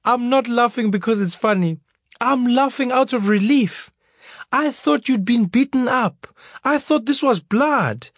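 A woman's voice: fairly high pitch, a little slow, no echo, studio quality, voice pushed up. A man doing a laughing mom. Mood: amused, reassuring. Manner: laughing and reassuring. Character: laughing, unflappable mother in her thirties.

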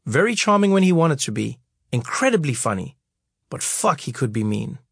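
Husky male memoir narrator. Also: medium pitch, big pitch swings, moderate pace, no echo, studio quality. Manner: wry, storytelling. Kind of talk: audiobook memoir reading.

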